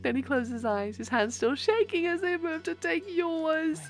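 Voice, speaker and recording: A woman streamer reading a dating game aloud and reacting, excitable, squealing and laughing often. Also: very high-pitched, normal speed, soft background music. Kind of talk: live game read-along and commentary.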